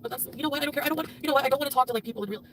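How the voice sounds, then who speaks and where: Brief: high, fast-talking woman on a livestream, furious and profane, swinging from loud bursts to low mutters, faint noise behind. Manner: angry, swearing, voice swinging between loud outbursts and quiet mutters. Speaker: livestreamer being reacted to. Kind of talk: emotional livestream rant.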